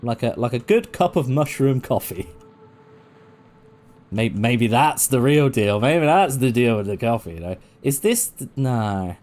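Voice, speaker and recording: A man's voice: mid-range voice, expressive, unhurried, darkish tone. A man casually commenting and joking while playing a game. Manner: rambling, joking, swears casually. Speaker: game streamer. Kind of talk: casual let's-play commentary.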